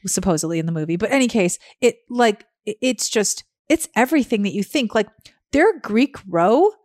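A woman co-hosting a podcast, chatting excitedly with many fillers about a trip. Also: mid-range voice, moderate pace, dry recording, clean studio sound. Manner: chatty, gushing, lots of fillers. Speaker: podcast co-host. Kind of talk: casual travel chat.

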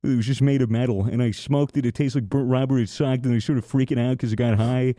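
A man's voice: medium pitch, steady tone, fast talker, dark tone, no echo, studio quality. A young man, a podcast host, telling a rambling, profane story in casual chat with lots of restarts.

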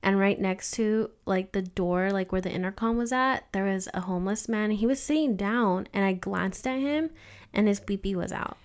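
A woman co-hosting a podcast, telling a story in casual chat, animated and full of "like". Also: medium pitch, normal speed, smooth. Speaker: podcast co-host, hair stylist.

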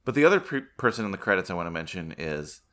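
A man co-hosting a casual film-review podcast, animated and laughing often, acting out quotes in a higher voice. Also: quick pace. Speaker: podcast co-host.

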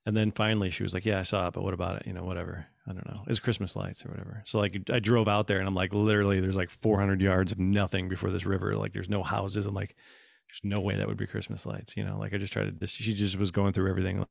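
A man in his thirties chatting casually, telling a story with lively acted-out quotes. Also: deep voice, fast talker, creaky, no room sound, clean studio sound. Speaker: guest. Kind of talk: casual conversation.

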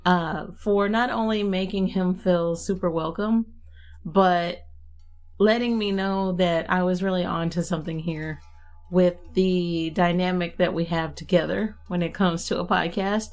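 A young adult woman hosting a casual podcast and doing a tarot reading, chatty and quick to laugh. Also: lowish voice. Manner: chatty, laughs often, relaxed and warm-hearted. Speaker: podcast host and tarot reader.

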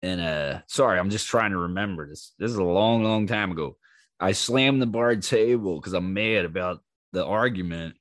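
A man with a fairly low voice tells rowdy stories of his own on his podcast. He acts out every quoted line, jumping up loud for the shouting parts. He curses freely and keeps laughing at himself, recorded dry and close with no room sound. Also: a little fast, dry recording. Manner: animated, acts out quoted lines in raised voices. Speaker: podcast host. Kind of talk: casual storytelling monologue.

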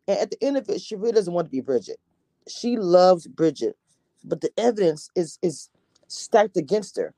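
A woman's voice: on the low side, big pitch swings, normal speed, warm tone, dry recording. Woman TV reviewer, casual and chatty, slips into whispers for emphasis, dry close recording. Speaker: TV show reviewer. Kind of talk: casual episode recap.

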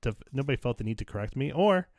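Wry, foul-mouthed American podcast host. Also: male voice, medium pitch, animated, fast, darkish tone, no room sound, clean studio sound. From United States. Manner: wry, sarcastic, swears freely. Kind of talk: casual chat.

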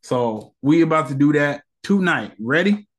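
Young guy ranting about movies on his podcast, kinda high voice, super animated. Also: moderate pace. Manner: animated, slangy, re-enacts scenes with quoted voices. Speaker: podcast host. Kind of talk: casual solo movie review podcast.

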